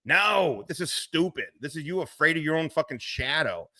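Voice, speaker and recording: A man hosting a reaction stream, talking in a profane, casual way and laughing often. He swings between low mutters and loud outbursts. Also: expressive, moderate pace. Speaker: streamer host, military veteran.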